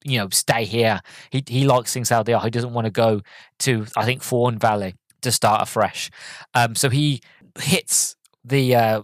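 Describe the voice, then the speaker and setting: A young man talks his way through a movie's story in a loose, rambling podcast style, stumbling over words and padding with "um" and "like". His voice sits at an ordinary middle pitch and is recorded close and dry, with no room sound around it. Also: no echo. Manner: rambling, full of fillers and self-corrections. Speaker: podcast host reviewing a film. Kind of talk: casual spoken film recap.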